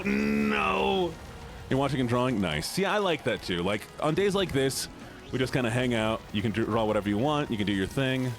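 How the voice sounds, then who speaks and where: A man streams a game live and chats casually with his viewers, greeting each one by name. His pitch swoops up and down as he talks, and he reacts out loud to what happens on screen. Soft music plays faintly behind him. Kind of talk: casual live-stream chat while gaming.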